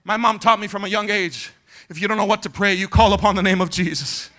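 Male pastor preaching a fiery church sermon, pitched very high with a piercing, forceful tone. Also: quick pace. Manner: impassioned preacher, shouts to the congregation for response. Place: church service.

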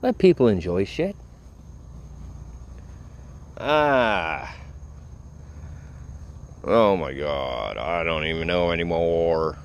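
Deep-voiced casual rambling man. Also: slight background noise. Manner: profane, laid-back, rambling. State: tired. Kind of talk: casual rambling talk to camera.

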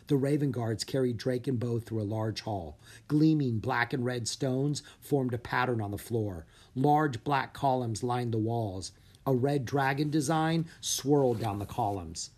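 A reader narrating a children's fantasy audiobook with expressive, animated storytelling. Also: medium pitch, unhurried, slightly rough.

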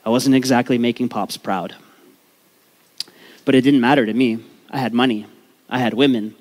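Man, comedic storytelling talk, candid, profane, live audience, average pitch. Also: steady tone, moderate pace, a little mellow. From Canada, Vancouver. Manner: candid, profane, joking asides to the crowd. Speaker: speaker telling his life story.

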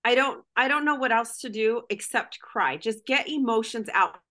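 A woman's voice: fairly high pitch, animated, normal speed, sharp tone. A middle-aged woman guest speaking candidly and emotionally in casual conversation, full of "like".

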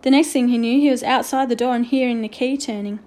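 Mellow woman reading a storybook. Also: a little high, steady tone, quick pace. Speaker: narrator. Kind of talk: storybook narration.

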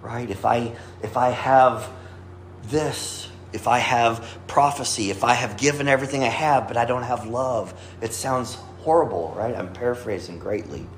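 Speaking at a normal speed in a medium pitch, this pastor delivers an earnest sermon, citing scripture and letting his voice climb or fall for emphasis. The room echoes, with faint ambience and a little background noise.

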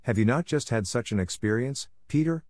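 A man voicing a kind, gentle elderly grandmother who talks to a child with mild, patient earnestness. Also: medium pitch, expressive, brisk, no echo, studio quality, close to an everyday voice. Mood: kindly. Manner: gentle, kindly lecturing. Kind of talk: audiobook character voice.

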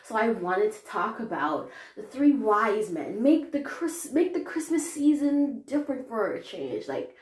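A young woman hosting her own podcast, giving a rambling, chatty, animated solo update. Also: on the high side, unhurried, hardly any pauses. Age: young adult. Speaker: podcast host. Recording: roomy echoey room.

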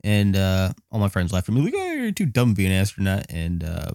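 A man telling a casual story, excitable, laughing often and acting out his own past lines. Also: deep voice, a little fast, gravelly, no echo, studio quality. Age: adult with a child.

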